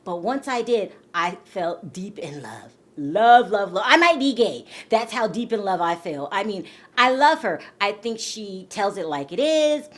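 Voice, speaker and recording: A woman's voice: medium pitch, sing-song, a little slow. A woman from California talking casually to her camera about celebrity gossip, chatty and emphatic, repeating words for stress and often asking her viewers "okay?". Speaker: YouTube gossip vlogger.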